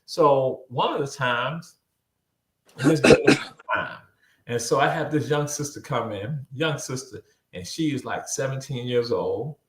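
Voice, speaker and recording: Guy on a video call interview, animated storyteller, repeats himself a lot, kinda echoey room. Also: medium pitch, a little slow. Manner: animated, repeats words, acts out quoted voices. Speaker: guest.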